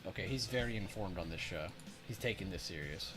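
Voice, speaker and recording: A man's voice: sits low, expressive, a little fast, music in the background. Laid-back man chatting on stream. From United States. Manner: laid-back, laughs often, reacts to chat. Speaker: stream host. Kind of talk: casual livestream chat.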